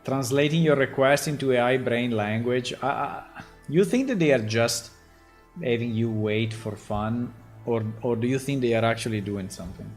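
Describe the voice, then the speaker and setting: A man's voice: mid-range voice, moderate pace, faint music behind. Chatty man streaming game development. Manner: chatty, amused, many restarts and repeated words. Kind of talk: casual live-stream commentary.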